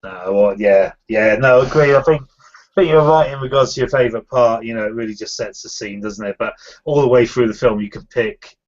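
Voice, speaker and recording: A man on a podcast, relaxed and agreeable, reading film trivia and stumbling over names. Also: medium pitch, brisk, muffled recording. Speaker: podcast co-host.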